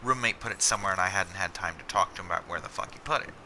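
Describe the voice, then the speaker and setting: A man's voice: low voice, very fast, noisy background. A man telling a long casual story in a rambling, profane way, with frequent asides. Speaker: vlogger.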